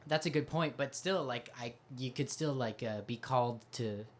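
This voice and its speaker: A man hosting a casual chat, answering softly and hesitantly. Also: medium pitch, normal speed. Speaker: host.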